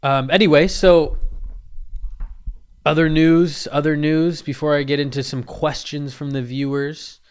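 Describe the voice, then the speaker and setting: A man's voice: a little high, fairly even intonation, unhurried, clear, resonant tone. A man hosting a comedy podcast, telling a rambling, profane story full of restarts. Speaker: podcast host.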